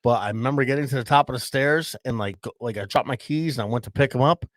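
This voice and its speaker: This co-host races through a rambling podcast anecdote in a medium-pitched voice, cursing freely and dropping "bro" at every turn. The audio is dry.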